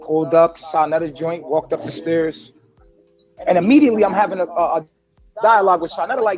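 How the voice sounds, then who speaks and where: High-pitched man retelling events in a profane, preachy, streetwise way. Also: fairly even intonation, fairly quick, crowd noise, rough recording. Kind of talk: storytelling in a played clip.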